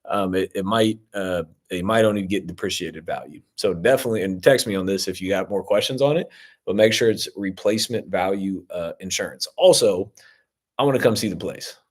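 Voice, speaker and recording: Casual coach, lowish voice, lots of ums. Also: male voice, fairly quick. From Ohio. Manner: casual, filler-heavy, upbeat with viewers. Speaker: real estate investing coach. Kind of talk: live-stream Q&A reading viewer comments.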